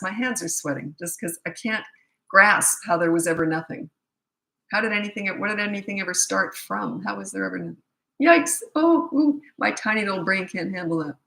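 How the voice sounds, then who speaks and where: A middle-aged woman coaching parents in a live question-and-answer chat, blunt and matter-of-fact, with quick asides. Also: mid-range voice, bright, forceful tone, reverberant, rough recording.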